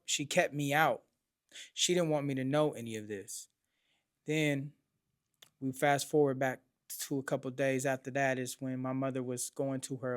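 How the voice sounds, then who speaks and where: A man's voice: fairly bright tone, no room sound, studio quality. Blunt, profane storytelling man. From Oakland, California. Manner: blunt and profane, heavy street slang; raises pitch and volume when acting out past moments. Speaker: podcast host. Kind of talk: personal storytelling.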